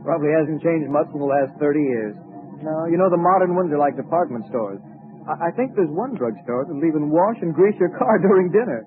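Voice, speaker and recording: Man acting wry wisecracking doctor, fast-talking, husky voice, tinny old radio recording. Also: fairly high pitch, animated, slight background noise, natural voice. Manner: wisecracking, joking. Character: wry young country doctor Bob.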